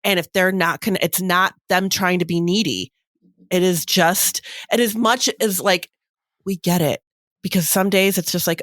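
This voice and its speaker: Clean, echo-free studio sound captures a woman whose voice sits on the low side. As a podcast co-host she chats casually at a moderate pace, telling animated stories full of filler words.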